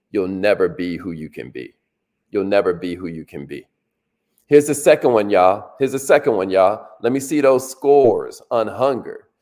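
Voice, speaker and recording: A motivational speaker giving a workshop talk, energetic and casual, repeating his lines and calling out to the listeners for responses. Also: deep voice.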